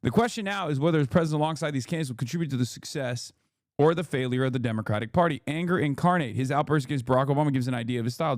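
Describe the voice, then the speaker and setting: A man's voice: mid-range voice, a little mellow, dry recording, studio quality. Man reading and reacting on stream. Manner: reads quickly, breaks off to react. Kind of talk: reading an article aloud with commentary.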